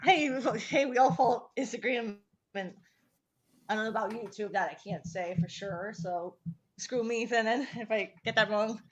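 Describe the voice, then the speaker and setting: A teenage girl hosting a casual chat, rambling and giggling between quick asides. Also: fairly high pitch, highs cut off. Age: teens. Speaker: host. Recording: echoey call audio.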